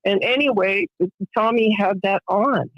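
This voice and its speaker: A woman's voice: mid-range voice, a little slow, no room sound. Middle-aged woman, podcast guest, emotional storyteller who acts out what others said; dry, dull lo-fi audio. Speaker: interview guest. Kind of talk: emotional personal account.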